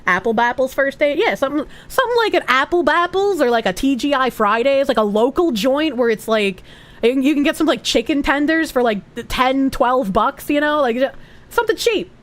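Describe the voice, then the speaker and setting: A woman's voice: high-pitched, lively intonation, fairly quick. A young woman with a Boston accent chatting casually on a live stream, rambling, giggly and swearing freely.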